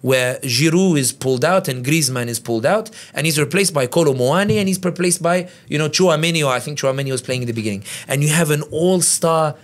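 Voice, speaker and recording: Animated man, higher voice. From United Kingdom. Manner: animated, quick, acts out quotes in other voices. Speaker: guest commentator. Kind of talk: conversational analysis.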